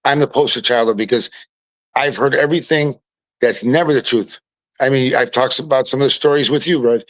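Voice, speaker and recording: Animated man telling stories. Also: medium pitch, fairly quick, no room sound, poor audio. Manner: animated, repeats and restarts words. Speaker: podcast guest. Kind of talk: casual storytelling chat.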